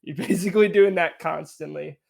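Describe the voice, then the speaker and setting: Chatty young man, higher voice. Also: fairly quick, creaky. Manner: chatty, laughs often, rambling restarts. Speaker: podcast co-host. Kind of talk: casual game review chat.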